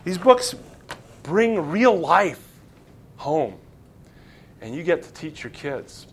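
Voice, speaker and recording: A man's voice: fairly high pitch, sing-song, takes it slowly, slightly rough. Man reading a storybook aloud. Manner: earnest, with small slips and self-corrections. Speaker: speaker reading to an audience. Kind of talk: reading a children's book aloud, then speaking to an audience.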